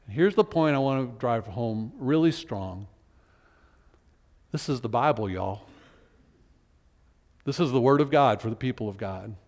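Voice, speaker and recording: A male pastor giving a conversational sermon, slowing down to read scripture aloud. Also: mid-range voice, expressive, a little mellow. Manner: conversational preaching, reads scripture aloud slowly. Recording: long reverb of a large hall.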